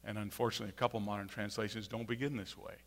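A man preaching a sermon with emphatic, repeated phrases, swinging from quiet to loud. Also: fairly low pitch, little pitch movement, racing. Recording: long hall reverb.

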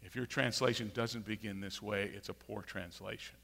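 A man preaching a sermon with emphatic, repeated phrases, swinging from quiet to loud. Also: lowish voice, steady tone, moderate pace, creaky. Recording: long hall reverb.

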